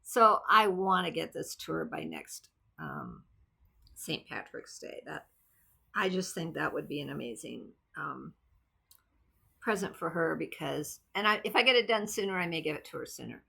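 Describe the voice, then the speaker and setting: A woman's voice: low voice, expressive, normal speed, gravelly, bright, forceful tone, slightly rough. A woman vlogger chatting casually about her cross stitch projects, rambling and thinking aloud as she goes. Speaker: craft vlogger. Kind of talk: casual chat.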